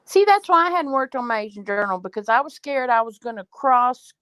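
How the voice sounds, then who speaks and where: A woman's voice: on the high side, brisk, clean tone, no echo. Playful woman telling stories, dry sound. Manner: animated storyteller, playful. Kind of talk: casual chat among friends.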